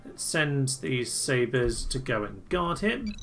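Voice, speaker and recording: A man's voice: medium pitch, very animated, slow pace. A man giving casual, chatty commentary over a strategy game, with cheery self-deprecating asides. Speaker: gameplay commentator. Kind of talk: casual let's-play commentary. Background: game music underneath.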